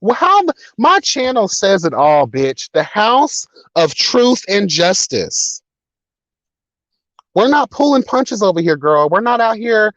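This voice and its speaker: A man's voice: sits high, sing-song, slow, fairly bright tone, no room sound, dull audio. A man hosting a casual livestream, talking in a sassy, profane, dramatic way. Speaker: livestream host reading chat. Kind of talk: casual chat.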